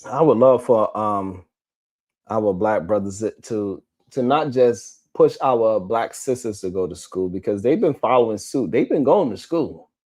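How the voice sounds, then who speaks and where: A man's voice: lowish voice, animated, a little slow, a little mellow. A man hosting a live stream, talking casually and heatedly, swearing often and calling out chat viewers by name. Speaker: live stream host reading viewer comments.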